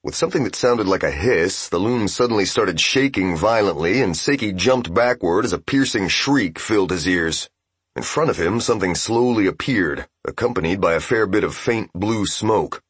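A man narrating a fantasy game novel as an audiobook, in steady, even storytelling. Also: on the low side, moderate pace, husky, dry recording.

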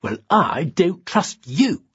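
A man's voice: fairly high pitch, sing-song, slow, fairly bright tone, husky, muffled recording, pitched above the performer's own voice, heavily acted. A man playing a spiteful, breathless young man.

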